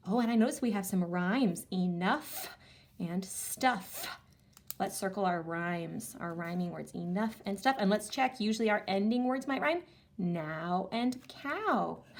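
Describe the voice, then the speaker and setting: A woman teacher leading a reading lesson for young children, sounding out words slowly and reacting with animated excitement. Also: medium pitch. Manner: animated, exaggerated excitement with gasps and slow sounding-out.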